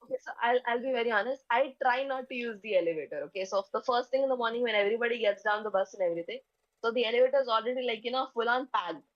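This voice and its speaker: A woman's voice: fairly high pitch, racing, dry recording, highs cut off. Chatty young woman storyteller. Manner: chatty, peppers speech with "like" and "okay", acts out dialogue. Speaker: streamer telling a story. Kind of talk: casual storytelling chat.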